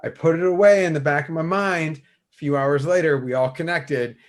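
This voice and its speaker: A male podcast co-host chats casually about tabletop wargaming. He rambles in an animated way, circling back and restarting. He swears casually along the way. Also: a little high, moderate pace.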